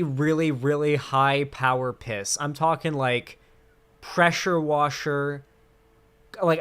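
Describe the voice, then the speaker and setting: A man's voice: medium pitch, fairly bright tone. A young man streaming casual political commentary, rambling and crude, from a cramped home setup.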